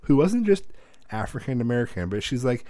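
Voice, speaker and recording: A man in his thirties telling a story in a casual chat, animated and profane, acting out the voices of the people in it. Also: medium pitch, brisk, dry recording.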